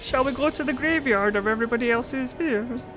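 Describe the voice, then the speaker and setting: A woman streamer talking casually over a game, excitable and given to swearing. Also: sits high, brisk, music in the background. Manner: excitable, swears and laughs a lot. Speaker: gaming streamer. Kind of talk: casual let's-play commentary.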